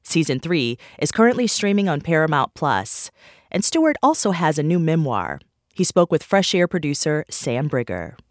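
Radio host reading the intro, lively up and down voice, dry close studio. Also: male voice, a little high, moderate pace, no room sound. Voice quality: clear, read-aloud delivery.

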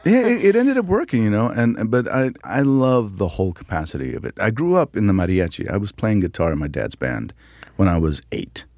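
A man from the United States, an actor guest telling stories in an interview, animated and laughing, often acting out quotes. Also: lowish voice, fairly quick, no room sound, clean studio sound. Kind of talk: casual interview storytelling.

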